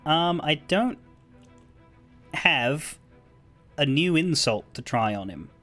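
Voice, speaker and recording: A man's voice: fairly high pitch, expressive, slow, pushed and bright, faint music behind. A man streaming a video game, thinking aloud in chatty commentary and swearing freely. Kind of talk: casual gameplay commentary.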